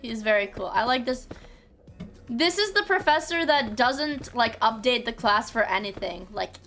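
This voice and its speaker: A woman's voice: a little high, expressive, moderate pace, sharp tone, soft background music. A young woman streaming a game, chatting casually, swearing freely and often restarting her sentences. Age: young adult. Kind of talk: casual gaming livestream chat.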